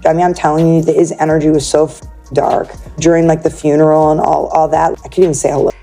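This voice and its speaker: Woman, interview guest, low mellow voice, rambling chatty storyteller. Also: level tone, fast talker, soft background music. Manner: chatty, peppered with "like", acts out quoted speech.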